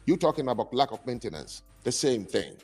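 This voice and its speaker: A man's voice: mid-range voice, big pitch swings, a little fast, darkish tone, husky, soft background music. A man from Africa on a live-stream panel, listing points one by one in a sardonic way. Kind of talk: casual live-stream debate.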